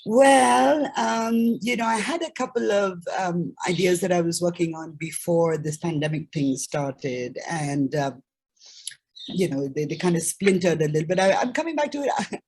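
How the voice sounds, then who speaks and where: A woman with an Indian English accent, an author and translator, speaking as an interview guest over a video call, emphatic and quick to laugh, repeating words for stress. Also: on the low side, animated, darkish tone, husky. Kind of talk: conversational interview.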